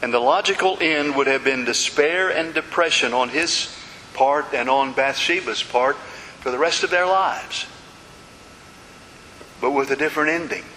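Guy preaching, kinda high voice, dramatic storytelling with repeated lines, faint hiss. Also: a little slow, pushed and bright. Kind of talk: sermon. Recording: reverberant hall with faint hiss.

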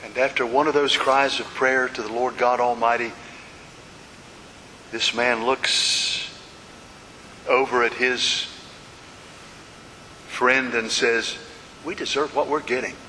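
A man's voice: mid-range voice, flat delivery, slow, pauses often, sharp tone. A man preaching a sermon, telling stories dramatically with repeated refrains. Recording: reverberant hall with faint hiss.

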